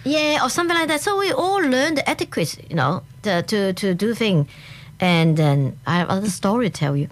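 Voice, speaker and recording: A woman with a Hong Kong accent, a guest in a casual interview, talking in short animated bursts with frequent restarts. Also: medium pitch, brisk.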